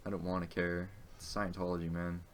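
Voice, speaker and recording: Low-voiced rambling young man. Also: completely flat delivery, fairly quick, a little hiss or hum. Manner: rambling, hesitant, swears often. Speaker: podcast co-host. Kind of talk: casual chat.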